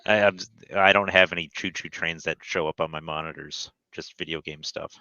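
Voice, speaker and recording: A man on an online call from home, chatting casually and gently talking to his young child beside him. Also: deep voice, fairly even intonation, moderate pace, creaky, smooth, no room sound. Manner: easygoing, softly coaxing his small child. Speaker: guest on the chat, a father. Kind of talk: casual chat. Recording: dull, dry lo-fi call audio.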